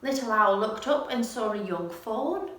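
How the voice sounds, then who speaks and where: A woman hosting a children's story corner, reading a bedtime story with expressive, animated narration. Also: a little high, measured pace. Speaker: storyteller host. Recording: very echoey room.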